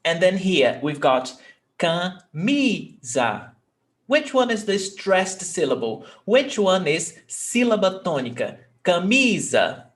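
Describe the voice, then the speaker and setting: A man is teaching a lesson at an unhurried pace. His voice sits a little high, and he repeats words patiently while checking that the student is following. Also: big pitch swings. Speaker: Portuguese teacher. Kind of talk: online language lesson.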